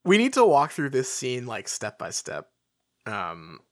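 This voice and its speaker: A man co-hosting a casual book podcast, wry and rambling with deadpan humor. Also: medium pitch, a little slow, dry recording, studio quality. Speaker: podcast co-host. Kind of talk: casual book-club chat.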